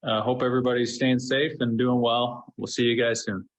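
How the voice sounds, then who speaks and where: A man playing a hockey player delivering a stiff, flat greeting to fans. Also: mid-range voice, fairly quick, lightly acted.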